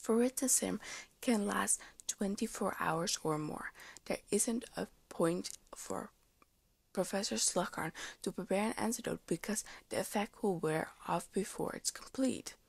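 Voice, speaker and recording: A woman doing a sharp-tongued teenage witch, gravelly. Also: mid-range voice, unhurried, no room sound. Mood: exasperated. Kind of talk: fan fiction reading.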